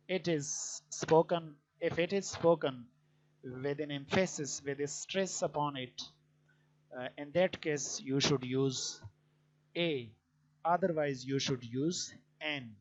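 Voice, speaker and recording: A man teaching a grammar lesson, explaining points deliberately with frequent hesitant fillers. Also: a little high. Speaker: English teacher. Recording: dull lo-fi recording.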